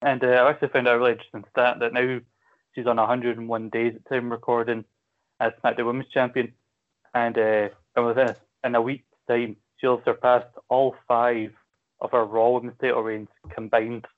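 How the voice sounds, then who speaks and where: A man's voice: medium pitch, level tone, brisk. A Scottish man co-hosting a casual wrestling chat over a call, talking in a chatty, dry, teasing way. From Scotland. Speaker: podcast co-host. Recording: tinny phone-like call audio.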